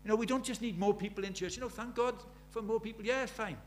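A man's voice: sits high, fast talker, slight background noise. A man preaching a sermon, telling stories in a conversational way and building to urgent emphasis.

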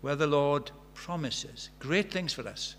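An expressive man in his sixties, with a fairly high and fairly bright voice, preaches at a measured pace over slight background noise. He speaks earnestly, tells stories, and builds to fervent emphasis.

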